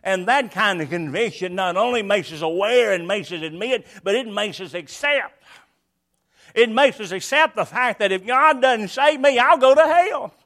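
An older man preaching a sermon, emphatic and repetitive, swinging between loud declarations and hushed lines. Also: high voice, expressive, moderate pace.

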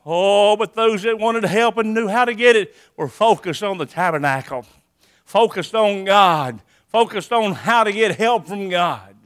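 A man preaching an impassioned sermon, rhythmic and swinging from hushed to loud. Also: sits high, measured pace.

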